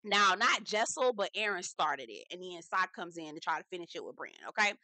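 A woman's voice: on the low side, animated, a little fast, pushed and bright, no echo. A woman giving a casual, slangy reality TV recap, swearing freely, laughing at her own points and calling the listener "girl".

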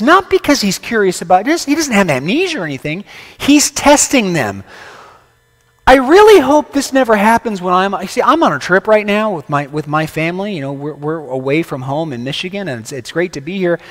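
A man preaching as a guest preacher, conversational and playful, quizzing the congregation with questions. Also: high-pitched. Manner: playful humorous asides. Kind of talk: sermon. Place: church sanctuary. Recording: long church hall reverb.

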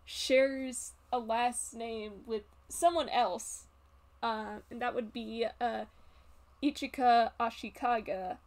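A woman narrating as game master in a tabletop game, halting with many fillers. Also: on the high side.

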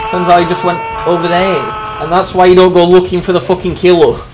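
A man giving casual, jokey commentary over a video game, swearing freely and reacting loudly. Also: sits high, fast talker, hardly any pauses, music in the background. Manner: excitable, swears a lot, jokey. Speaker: gaming YouTuber.

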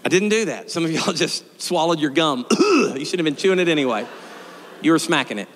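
A middle-aged male pastor preaching a storytelling sermon, swinging from shouted peaks to quiet, joking asides. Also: on the high side, animated, a little fast. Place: church sanctuary. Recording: long church reverb.

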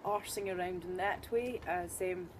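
A woman's voice: on the low side, moderate pace, background noise. A woman with a Scottish accent giving a chatty, upbeat dog-training demonstration, with joking asides. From Scotland.

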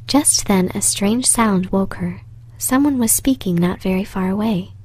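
A woman softly reading a fairy tale in a slow, soothing, breathy whisper. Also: mid-range voice. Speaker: storyteller. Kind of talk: whispered storytelling.

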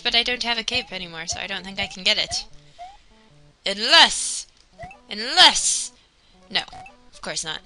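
Bright-voiced young woman narrating gameplay. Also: mid-range voice, low-quality recording. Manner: chatty, excitable, talks to herself and the game. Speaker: let's player. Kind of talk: casual gameplay commentary. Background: game music.

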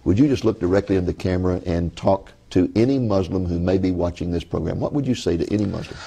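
Low, husky-voiced folksy TV host. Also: male voice, fast talker, dark tone. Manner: folksy, addresses audience as folks. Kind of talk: religious TV interview.

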